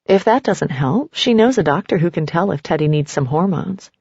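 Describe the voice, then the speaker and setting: A woman's voice: lowish voice, moderate pace, vocal fry, slightly rough, no echo, dull audio. Woman reading a nonfiction audiobook. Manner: steady second-person storytelling. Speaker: narrator.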